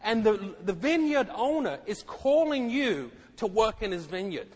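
A man's voice: sits high, sing-song, a little slow, breathy edge. A middle-aged man preaching a sermon, emphatic and given to repeating words and asking the congregation questions. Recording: echoey hall.

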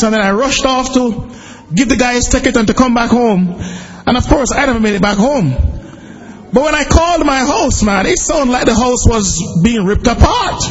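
High-voiced pastor telling a story. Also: male voice, muffled recording. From Jamaica. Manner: animated storytelling, bursts into shouting when excited. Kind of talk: sermon with a personal story.

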